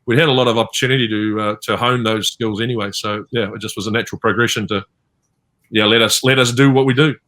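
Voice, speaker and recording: Man, New Zealand accent, bright timbre, rambling anecdotes, video call interview. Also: lowish voice, steady tone, fast talker. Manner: rambling anecdotes with many fillers and restarts. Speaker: voice actor guest. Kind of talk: convention panel interview over video call.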